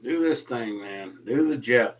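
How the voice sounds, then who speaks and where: A man's voice: medium pitch, expressive, unhurried. A man chatting as a guest on a late-night livestream, joking and ribbing the host. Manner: joking, teasing, playful. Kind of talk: casual late-night chat.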